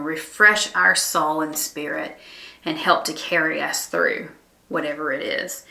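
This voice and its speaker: A woman gives a conversational Bible lesson with a lower-pitched but bright, forward voice. She speaks in an earnest, reflective way, pausing on ums and restarting thoughts. The room around her is noticeably echoey. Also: gravelly. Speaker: Bible study teacher.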